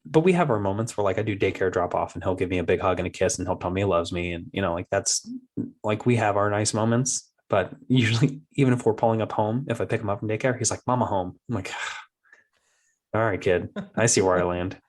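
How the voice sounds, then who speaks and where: A man's voice: lowish voice, fast. A man in his thirties hosting a casual podcast, telling parenting stories and acting out his toddler's voice. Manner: animated storyteller, acts out his toddler's voice. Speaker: podcast host.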